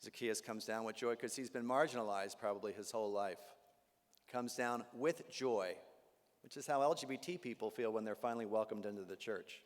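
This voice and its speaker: A man, a Jesuit priest, giving a talk to a live audience with animated storytelling, humor and asides. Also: fairly low pitch, fast talker, few pauses. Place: large hall with live audience. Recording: long hall reverb.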